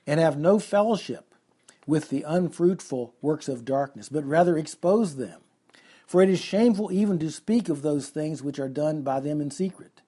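Male preacher, slightly higher voice, warm dark tone; earnest verse-by-verse teaching. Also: moderate pace, breathy edge. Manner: earnest teaching, reading scripture aloud and explaining it. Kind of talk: expository sermon.

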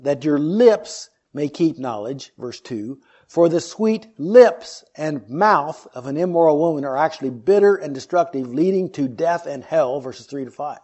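A man's voice: on the high side, a little mellow, lo-fi sound. A man preaching an earnest sermon, reading scripture and explaining it with rhetorical questions.

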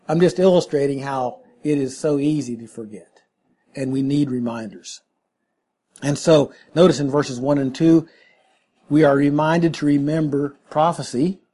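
Mellow, husky-voiced man preaching a sermon. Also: on the high side. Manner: earnest teaching, explanatory and conversational. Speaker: pastor. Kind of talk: sermon, reading and expounding scripture.

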